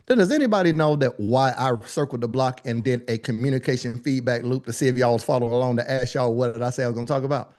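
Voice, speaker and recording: A man teaching a live online speaking workshop, with lively, colloquial, high-energy delivery, calling on attendees by name. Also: fast talker, hardly any pauses. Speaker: speaking coach.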